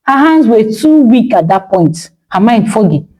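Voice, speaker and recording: A woman's voice: a little high, sing-song, unhurried, mellow, poor audio. Dramatic woman storyteller. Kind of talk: dramatic scripted narration.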